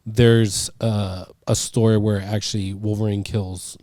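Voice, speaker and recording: A man's voice: on the low side, level tone, unhurried, dark tone, dry recording. A man co-hosting a casual movie review chat in a rambling, laid-back way. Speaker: podcast co-host.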